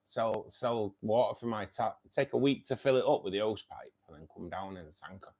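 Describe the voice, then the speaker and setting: A man's voice: fairly low pitch, fairly quick, a little mellow. A man hosting a casual livestream. He reads out viewers' chat, says "mate" a lot and laughs often. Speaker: livestream host reading chat.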